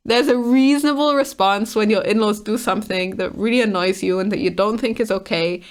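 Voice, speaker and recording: A woman casually reading online comments aloud and reacting to them with frank exasperation. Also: mid-range voice.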